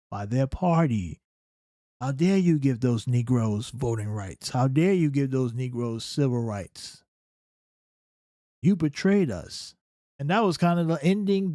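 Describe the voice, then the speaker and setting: A man's voice: a little high, a little mellow, no echo, clean studio sound. A man hosting a political reaction commentary, talking emphatically and often checking in with "right?". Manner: emphatic, keeps asking "right?".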